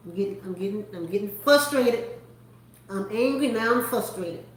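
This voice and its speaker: A woman hosting a faith-based chat, telling a story with animated delivery and acting out the people in it. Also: mid-range voice, normal speed. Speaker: host. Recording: echoey room.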